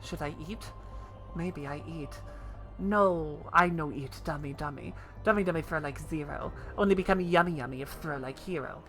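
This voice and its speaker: A woman's voice: deep voice, moderate pace, soft background music, natural voice. A woman voicing a hungry, dim-witted snow creature that talks in broken pidgin English, in a video game. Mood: grumbling. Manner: broken pidgin speech, growly then gleeful.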